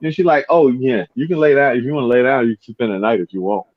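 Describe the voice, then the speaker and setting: A man in casual conversation who tells personal stories with lots of animation and acts out the other people's lines. His voice sits at an ordinary pitch and comes through a somewhat dull, lo-fi recording. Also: animated, fast. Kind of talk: casual chat, storytelling. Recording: dull lo-fi sound.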